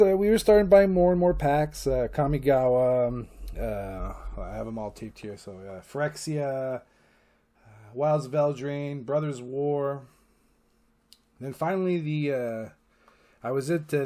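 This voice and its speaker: A man who is an adult parent hosts his own channel, rambling through a casual vlog monologue with free swearing, lots of fillers and frequent restarts. His medium-pitched voice has lively intonation, a darkish tone and a slightly slow pace.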